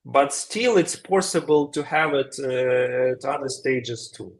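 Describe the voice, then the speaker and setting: A man answering audience questions as a guest speaker at an online meetup. He speaks carefully and hesitantly, pausing on uhs and repeating words, over a video call. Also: medium pitch.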